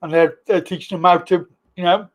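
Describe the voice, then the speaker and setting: A man's voice: high-pitched, fairly even intonation, fairly quick. Blunt man hosting a live chat. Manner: emphatic, blunt opinions. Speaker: livestream host. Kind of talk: casual chat.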